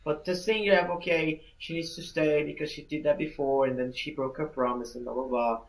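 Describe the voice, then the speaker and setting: Rambling animated man on a podcast. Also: a little high, brisk, gravelly, low-quality recording. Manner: rambling, animated, acts out scenes. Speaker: podcast co-host. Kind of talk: casual chat.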